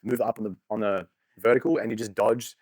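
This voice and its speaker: A man's voice: lowish voice, steady tone, darkish tone, dry recording. A young man, joking and swearing freely in a casual podcast chat. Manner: rapid, joking, swears freely, laughs often.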